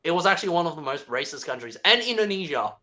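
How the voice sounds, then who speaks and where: A man from China calling in to a talk show, chatting fast and filling his speech with "like". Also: a little high, big pitch swings, sharp tone. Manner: rapid chatter full of "like" fillers. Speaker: caller. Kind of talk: casual chat.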